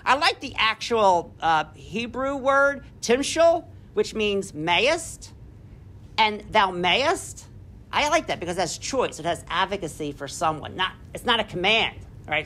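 A man's voice: high-pitched, sharp tone. A male English teacher giving a classroom lecture, enthusiastically reading a text aloud and breaking off to comment to his students. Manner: addresses students directly with frequent "right?".

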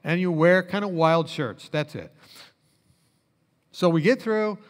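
A man preaching a sermon as a pastor, telling stories in an animated way and dropping low and quiet when he quotes people. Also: slow pace. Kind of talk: sermon storytelling. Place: church hall. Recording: long church reverb.

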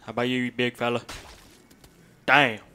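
A man's voice: mid-range voice, little pitch movement, bright, forceful tone, slight background noise. A man giving casual, goofy gameplay commentary, joking around and slipping into a silly put-on accent. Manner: goofy, jokey, puts on a silly accent, slow-talking. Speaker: gaming video creator.

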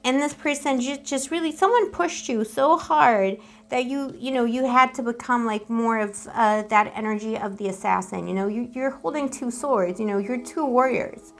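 A woman's voice: fairly high pitch, normal speed. A woman giving a casual, rambling tarot reading to the camera, playful and affectionate, full of pet names and giggles. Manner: giggly, self-teasing. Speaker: tarot reader.

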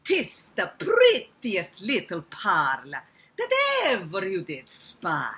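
A woman voicing a cunning, flattering male spider with a put-on Italian accent, in a dramatic poetry recitation, drawn-out and sing-song. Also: fairly high pitch, husky, heavily acted.

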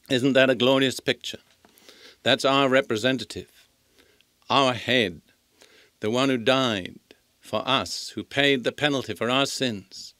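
An older man teaching the Bible in a sermon, reading scripture slowly and emphatically. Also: mid-range voice, sharp tone, no room sound, clean studio sound.

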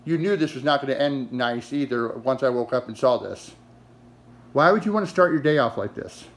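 A man's voice: mid-range voice, animated, moderate pace. A man scolding his dog in a mock-stern, exasperated, sarcastic way, talking to it like a person.

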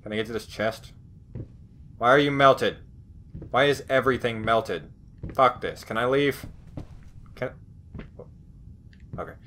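A man's voice: medium pitch, a little slow, long pauses, sharp tone. A man commentating a horror game as he plays, with profane, snarky reactions. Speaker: gaming video host.

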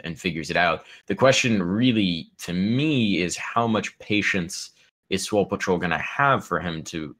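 A man's voice: low voice, fairly bright tone. A man co-hosting an esports podcast from home, talking casually and thoughtfully, with many fillers and restarts. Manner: rambling, thoughtful, lots of fillers. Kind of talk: casual chat. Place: home room with air conditioner.

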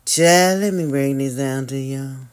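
Slow, drawling sassy gossip host. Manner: drawling, teasing, with sudden high squeals and hums.

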